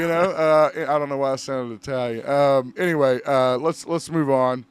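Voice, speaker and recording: A man hosting a casual podcast, loose and rambling, with frequent laughs and easy swearing. His voice is clean and smooth, sitting at an ordinary middle pitch. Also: moderate pace. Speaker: podcast host. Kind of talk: casual chat.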